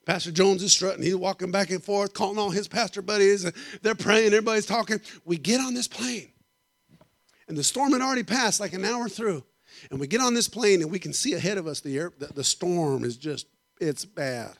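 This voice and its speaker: A middle-aged man preaching a sermon, telling animated stories and joking with the congregation. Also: high voice, brisk, dry recording. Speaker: guest preacher. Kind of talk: storytelling sermon.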